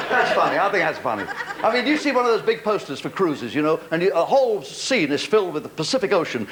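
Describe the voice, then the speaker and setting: An older British man doing stand-up comedy with wry, punchline-driven timing, taking questions from a studio audience. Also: high-pitched. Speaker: comedian host. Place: TV studio before a live audience. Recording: loud studio audience laughter, noisy old tape.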